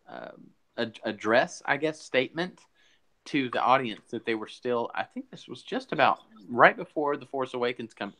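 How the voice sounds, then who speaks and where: A man's voice: on the low side, fairly bright tone, poor audio. A man co-hosting a podcast, rambling casually with lots of fillers and restarts, a little out of breath. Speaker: podcast co-host. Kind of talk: casual chat.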